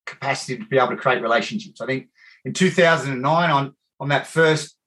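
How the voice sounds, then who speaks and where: An Australian man hosting a casual podcast chat. He tells animated, rambling stories and calls people "mate" often. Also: mid-range voice, fast talker. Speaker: podcast host.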